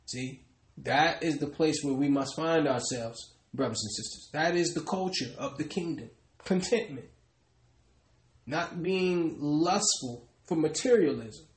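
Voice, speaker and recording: A man's voice: fairly high pitch, measured pace, reverberant. A man preaching a sermon, stressing his points and calling out to the congregation again and again. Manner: emphatic, repeatedly addresses the congregation.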